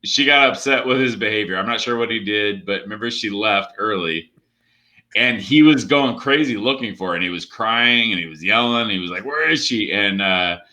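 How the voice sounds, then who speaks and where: A man's voice: on the low side, brisk, pushed and bright. A man hosting a comedy show over a video call, chatting loosely, laughing and swearing casually.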